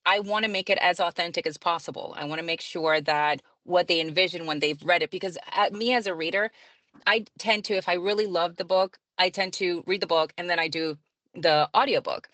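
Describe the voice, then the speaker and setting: A woman's voice: fairly low pitch, fairly quick, fairly bright tone, dry recording. A woman who narrates audiobooks and works as a librarian, answering interview questions in a chatty way, often laughing and using fillers.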